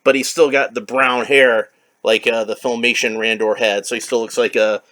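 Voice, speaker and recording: Bright-voiced man chatting about toys. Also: medium pitch, level tone, moderate pace. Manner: chatty and rambling, with many fillers. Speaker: toy collector and reviewer. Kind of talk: casual unboxing commentary.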